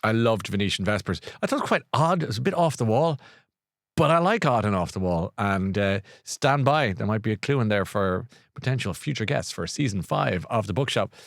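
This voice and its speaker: A man's voice: fairly low pitch, expressive, a little fast, gravelly, a bit bright, dry recording, clean studio sound. A middle-aged Irish man hosting a podcast, chatting in a rambling way with many restarts and self-corrections. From Ireland. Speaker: podcast host. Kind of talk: casual chat, book recommendation.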